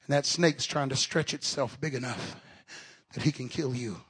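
At a live church service, a man preaches an impassioned revival sermon, building up to shouting while often stammering and repeating words. His voice is medium-pitched and slightly rough, at a moderate pace.

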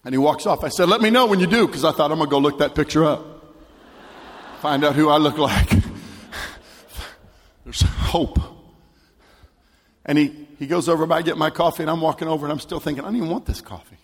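A man with a high voice preaches a sermon to a camp meeting crowd. He starts with a relaxed story and climbs into shouted, fervent preaching. A long reverb from a large church hall trails behind his words. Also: normal speed, pauses often. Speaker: pastor.

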